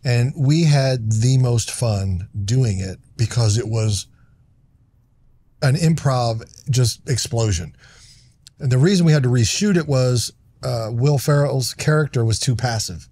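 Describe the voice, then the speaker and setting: Middle-aged man, lively storyteller who slips into loud acted-out quotes; casual podcast guest. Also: mid-range voice, a little slow. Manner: animated, acts out lines in loud put-on voices. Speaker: actor and comedian guest.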